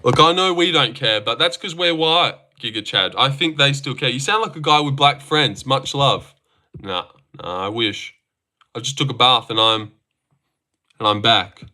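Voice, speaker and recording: A man's voice: mid-range voice, moderate pace, pushed and bright. A young man chatting casually on a stream, joking, teasing and swearing as he reacts.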